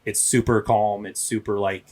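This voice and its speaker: A man's voice: fairly low pitch, level tone, normal speed, darkish tone. A man, a police officer, telling his story candidly and emphatically in a casual podcast interview, often checking in with "right?". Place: podcast studio.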